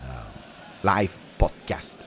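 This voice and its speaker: Excitable football reaction host. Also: male voice, slow pace, a little hiss or hum. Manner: excitable, switches from low asides to shouting celebration. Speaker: football watch-along host. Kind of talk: live match reaction and chat.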